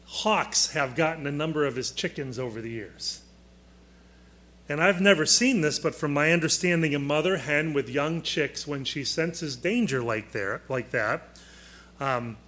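A man teaching a Bible lesson to a class, deliberate and emphatic, pausing to quiz his listeners. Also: on the high side, bright, forceful tone.

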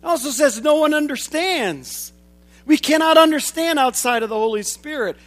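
A man in his forties delivers a sermon in a notably high voice. He drives some lines home loudly and drops others to a hush, working through his points with steady conviction. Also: moderate pace. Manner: swings from loud emphatic lines to hushed low ones. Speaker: preacher.

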